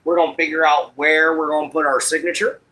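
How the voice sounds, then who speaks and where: A man with a drawl hosts a relaxed livestream and greets his viewers one by one by name. His voice sits a little high and rings bright and forward. He talks easily and apologizes often when his audio cuts out. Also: fast. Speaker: livestream host. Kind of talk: casual livestream chat while crafting.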